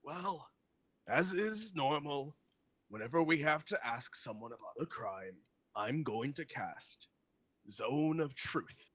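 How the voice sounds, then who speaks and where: A man's voice: on the high side, lively intonation, takes it slowly, fairly bright tone, slightly rough, full character voice. A man voicing an older male dwarf spellcaster with a braided white beard, speaking in a plain, sheepish way, recorded on dull lo-fi audio. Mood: matter-of-fact.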